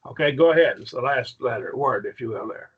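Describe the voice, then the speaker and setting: A man's voice: mid-range voice, fairly quick, husky, narrow, tinny audio. A man teaching a Greek grammar class in a patient manner, often checking in with his students. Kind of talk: classroom lesson.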